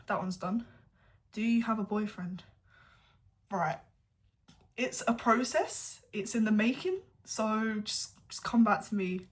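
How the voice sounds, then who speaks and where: A young English woman in her late teens talks candidly to her camera from her bedroom, chatty and frank. Her voice sits at an ordinary middle pitch, and now and then she sinks into a hushed whisper. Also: expressive, slow pace, pauses often. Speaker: vlogger. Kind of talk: casual chat to camera.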